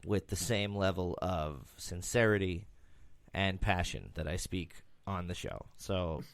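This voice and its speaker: A man's voice: deep voice, expressive, measured pace, creaky, smooth, no room sound. A man co-hosting a podcast in casual chat, sarcastic and swearing freely. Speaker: podcast co-host.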